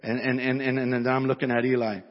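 A man's voice: mid-range voice, flat delivery, fast. A male pastor telling a story in his sermon, in a conversational way that often repeats words at the start of sentences. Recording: dull sound with long hall reverb.

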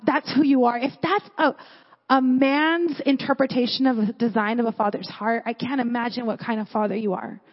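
Young woman preaching, chatty with lots of "like", kinda high voice, muffled recording. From California. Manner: casual storytelling with many "like" fillers. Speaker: church speaker. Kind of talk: sermon. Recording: echoey hall, dull lo-fi sound.

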